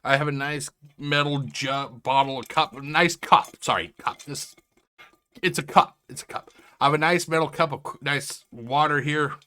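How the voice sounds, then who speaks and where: A man's voice: on the high side, fairly even intonation, normal speed, sharp tone, clean tone. A man hosting a reaction stream from home, talking in a rambling, sarcastic, self-interrupting way. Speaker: react channel host. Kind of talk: casual commentary. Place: home, indoors.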